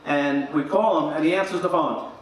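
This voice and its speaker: A middle-aged man with a slightly high voice gives a father-of-the-groom toast at a moderate pace, telling funny stories and animatedly acting out the voices of the people in them. The wedding reception hall is very echoey, the mic is distant, and there's faint noise.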